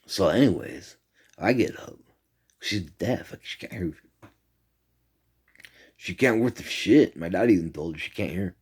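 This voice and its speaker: A man with a deep, low voice recounts a bizarre dream in a loose, rambling way. He swears freely and jumps up high and loud when he acts out his own shouts. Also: unhurried, pauses often, husky. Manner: animated, profane, rambling. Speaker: storyteller. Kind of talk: casual retelling of a dream.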